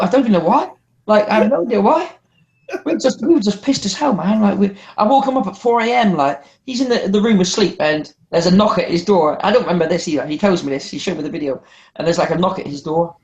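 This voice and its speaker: Animated man telling wild anecdotes. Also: sits high. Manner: animated storyteller, repeats himself, lots of "man" and "like". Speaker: wrestler guest.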